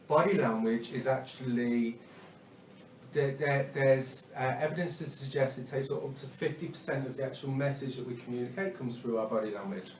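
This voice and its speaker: A male sales trainer talks a class through his points in a halting way, with plenty of ums and frequent "okay?" asides. His voice sits in a middle register. The recording is roomy and picked up from some distance, with faint ambience behind. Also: medium pitch, slight background noise. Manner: hesitant, many ums and uhs, frequent "okay?" check-ins. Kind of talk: spoken training talk. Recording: echoey room, mic at a distance.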